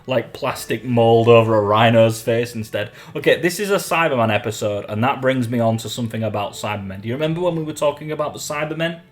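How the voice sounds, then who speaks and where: A man's voice: medium pitch, fast, hardly any pauses. A British man co-hosting a casual podcast, joking and riffing, laughing often. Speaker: podcast co-host. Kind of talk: casual banter. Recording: faint music bed behind.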